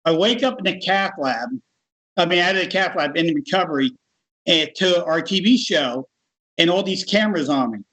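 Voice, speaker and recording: An American man in middle age tells his story casually and with feeling. His voice sits a touch high, and he laughs as he goes. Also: moderate pace, rough recording. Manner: animated, laughs while telling. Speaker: guest.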